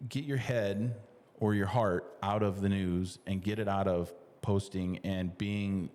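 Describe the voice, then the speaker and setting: In a large hall, a middle-aged man with a deep, darkish voice co-hosts a casual podcast at a measured pace and fairly even intonation. He speaks in loose restarts, peppered with fillers and easy laughs.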